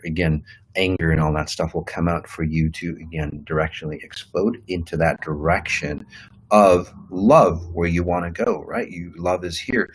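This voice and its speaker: A man's voice: low voice, steady tone, moderate pace, a little hiss or hum, low-quality recording. A man giving a rambling motivational talk as a self-help teacher, with many fillers and restarts, acting out quoted inner voices. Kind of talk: motivational talk to an online audience.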